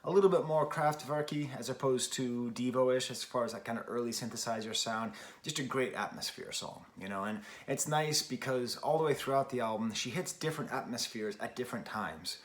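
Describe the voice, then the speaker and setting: A man's voice: mid-range voice, fairly quick. Forties guy reviewing a record, rambly and self-deprecating, ordinary mid voice. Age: 40s. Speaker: album reviewer. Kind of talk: casual spoken album review.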